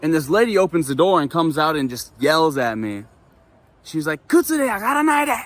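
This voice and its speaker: A man's voice: on the high side, expressive, normal speed. Laid-back young man telling a story. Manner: laid-back, profane, heavy on "like" and "dude". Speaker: vlogger. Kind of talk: casual storytelling to camera.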